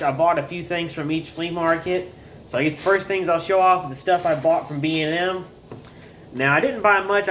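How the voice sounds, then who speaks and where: A man's voice: high-pitched, a bit bright, a little hiss or hum. A young man, showing off his flea market finds in a casual, rambling vlog, often correcting himself as he goes. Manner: rambling, self-correcting, folksy. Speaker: YouTuber showing collectibles. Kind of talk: casual show-and-tell vlog.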